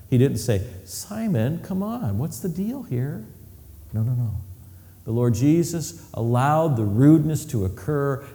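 A male preacher delivers a storytelling sermon, dropping to hushed tones and then climbing into emphatic, raised passages. His voice sits in a middle register. Long reverberation from a hall trails after his words. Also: medium pitch.

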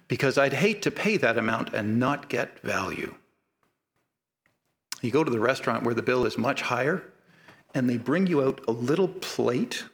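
A man's voice: medium pitch, fairly bright tone. A man preaching a sermon to a live congregation, talking casually with humor and building to emphatic repeated phrases. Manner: conversational, building emphatic repetition.

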